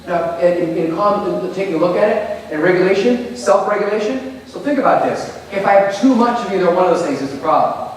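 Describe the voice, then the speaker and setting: A man giving a lively, joking talk to teachers, acting out little scenes. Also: sits high, a little fast. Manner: animated, jokey, acts out scenes. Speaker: teacher presenter. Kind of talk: workshop presentation to teachers. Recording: echoey hall from far off.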